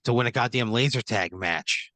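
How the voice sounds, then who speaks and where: A man's voice: mid-range voice, moderate pace, sharp tone, dry recording. A man co-hosting a comedy podcast, reacting in improv with exasperated, profane, stammering complaints. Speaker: podcast co-host playing along in improv.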